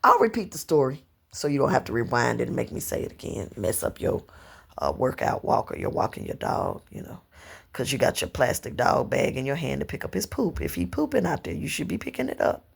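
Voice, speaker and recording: A woman in her fifties from Louisiana with a Southern accent, telling long personal stories to camera in an unhurried, rambling way. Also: a bass voice, huge pitch swings, vocal fry, breathy edge. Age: 50s. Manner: unhurried storytelling, drawn-out phrasing, slips into dialect and quoted voices. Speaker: vlogger.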